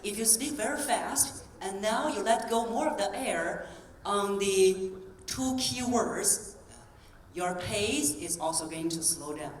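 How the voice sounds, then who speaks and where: A woman voice coach giving a keynote talk to a convention audience, animated and demonstrative, asking the crowd questions. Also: medium pitch, takes it slowly. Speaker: voice coach and speaker. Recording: roomy echo from a distance, faint ambience.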